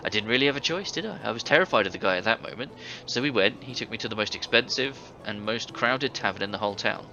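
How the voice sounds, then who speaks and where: A man's voice: on the low side, lively intonation, fast, creaky, few pauses, sharp tone, exaggerated voice. A man voicing a middle-aged former thief in a video game, telling tales with hearty, boastful relish. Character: older male ex-thief, boisterous tavern storyteller. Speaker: game character. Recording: dull game audio with faint hiss.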